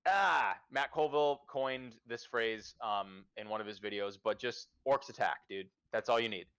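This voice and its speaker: A man's voice: mid-range voice, moderate pace, fairly bright tone, smooth. A man hosting a casual livestream chat, giving profane, emphatic advice as a game master. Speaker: podcast host and dungeon master.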